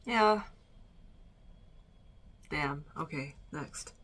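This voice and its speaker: Breathless young woman chatting slowly, lowish voice. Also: expressive, a bit bright, slightly rough. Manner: chatty, rambling, fillers and trailing restarts. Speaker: vlogger. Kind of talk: casual movie-ranking chat. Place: her bedroom.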